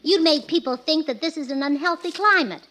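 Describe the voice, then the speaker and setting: A woman's voice: high voice, a little fast, a bit bright, slight background noise, rough recording. A woman with a scatterbrained, earnest comic delivery, performing in a 1940s radio comedy.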